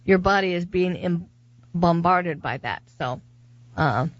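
A middle-aged woman co-hosting a radio talk show, steady and advising, often agreeing aloud. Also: lowish voice, unhurried, no room sound, muffled recording. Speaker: radio show co-host, guest's mother.

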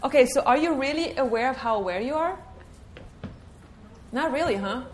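A woman leading a live workshop, coaching with questions and sinking into a quiet low murmur for a repeated clearing chant. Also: lively intonation, normal speed, a little hiss or hum. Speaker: workshop facilitator.

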